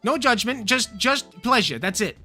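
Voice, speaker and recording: A man's voice: extremely high pitch, sing-song, moderate pace, soft background music, pitched above the performer's own voice, heavily acted. A man voicing God as a pushy, crude, overeager male deity in a livestream stand-up bit. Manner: loud, hyped salesman patter with swearing.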